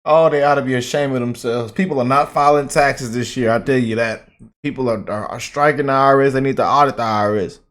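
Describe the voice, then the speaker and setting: A man hosting a casual reaction video, excitable and laughing as he banters with his viewers. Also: medium pitch, fast. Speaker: YouTube reaction host.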